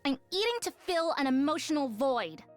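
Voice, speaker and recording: A high, lilting young woman pouts and teases in this game voice. Her pitch swoops up and down as she scolds, playful under the reproach. Faint music sits underneath. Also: very animated, moderate pace. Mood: reproachful. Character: sulky, teasing young woman student.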